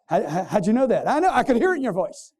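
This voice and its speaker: Male sales trainer on stage: high, mellow voice, punchy crowd-quizzing delivery. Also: big pitch swings, quick pace. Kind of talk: motivational sales seminar talk. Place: stage before a live audience.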